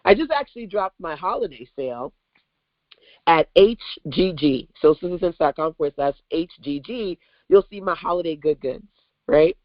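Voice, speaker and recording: A woman from Brooklyn hosting an online business workshop, coaching with animated, emphatic rhetorical questions over a video call mic. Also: fairly low pitch, normal speed, dry recording, highs cut off. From Brooklyn, New York.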